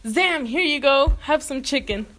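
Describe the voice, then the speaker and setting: A woman voicing Rasputin as a cocky, flirtatious male mystic, with a boastful, exaggerated comic delivery. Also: medium pitch, a little fast, fairly bright tone, close to an everyday voice.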